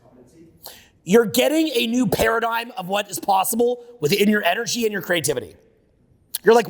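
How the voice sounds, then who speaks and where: A man with a fairly high voice and a gravelly edge leads a live seminar, talking brashly and profanely. He riffs off the cuff, and his voice carries through a hall with a long reverb. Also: fairly quick. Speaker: seminar speaker. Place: seminar room with an audience.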